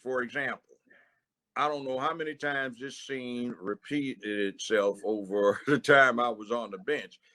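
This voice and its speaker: A man's voice: medium pitch, measured pace, sharp tone. Blunt older man recounting court stories. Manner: blunt, streetwise, acts out courtroom voices. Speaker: former judge. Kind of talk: storytelling in an interview.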